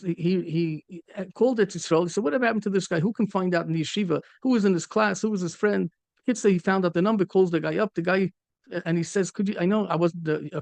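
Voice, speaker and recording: A man, a rabbi, giving a Torah talk and telling a story, halting and repeating words as he goes. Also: a little high, creaky, darkish tone, no echo. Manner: halting, repeats words, mixes in Yiddish and Hebrew.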